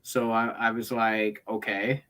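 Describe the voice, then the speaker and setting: A man co-hosting a casual chat, blunt and opinionated, with quick asides and stammered restarts. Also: on the low side, flat delivery, very noisy. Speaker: co-host.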